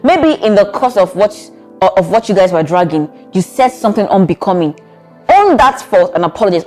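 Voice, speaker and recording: Nigerian female relationship coach, mid pitch, animated, acts out quarrels, faint music bed. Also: normal speed. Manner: animated, plays both sides of arguments. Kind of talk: advice vlog.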